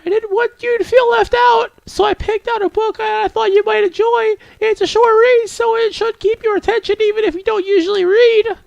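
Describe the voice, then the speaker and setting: A timid, bookish schoolgirl put on by a man high above his own voice who stumbles over her words. She trails off softly, and the sound is dry and close. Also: fairly even intonation, normal speed, gravelly, hardly any pauses, no room sound, muffled recording, full character voice. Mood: shy. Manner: timid and stammering. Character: shy, stammering bookish teen girl.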